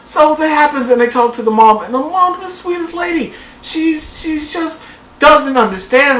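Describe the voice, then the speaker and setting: Woman, vlog reviewer, animated swings in pitch, profane, roomy echo. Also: normal speed, distant mic, a little hiss or hum. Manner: animated, profane, mocks people by quoting them in put-on voices. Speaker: TV show reviewer.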